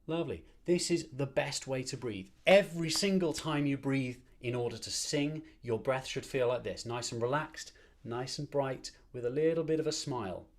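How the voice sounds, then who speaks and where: A man leading an online choir warm-up as conductor, giving upbeat, encouraging instructions and counting the breaths. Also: medium pitch, normal speed. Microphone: streamed to a screen.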